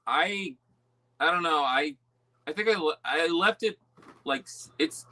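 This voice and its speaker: A man as a guest in a casual podcast chat, hesitant and halting with many fillers. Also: fairly high pitch, lively intonation, bright, forceful tone.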